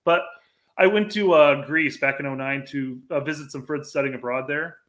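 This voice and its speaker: A man's voice: fairly high pitch, moderate pace, fairly bright tone. A man from Indiana co-hosting a podcast, telling stories and teasing his co-host in casual chat. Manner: teasing, laid-back.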